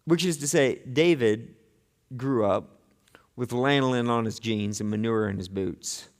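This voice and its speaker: Earnest pastor in a reverberant hall. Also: male voice, medium pitch, unhurried. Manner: earnest, swings between soft and intense; repeats words when starting phrases. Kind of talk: sermon. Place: church sanctuary.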